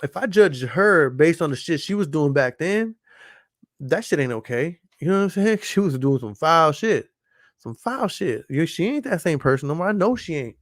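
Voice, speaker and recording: A man's voice: a little high, big pitch swings, moderate pace, a bit bright, dry recording, studio quality. A man hosts a podcast in casual chat, rambling and swearing a lot and often asking whether you follow him. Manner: profane, rambling, keeps asking "you know what I'm saying". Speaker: podcast host.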